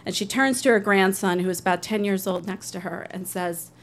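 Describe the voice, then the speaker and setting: A woman's voice: mid-range voice, a little fast, slight background noise. A woman telling a personal story on stage, in an earnest, conversational way, briefly acting out other people's voices.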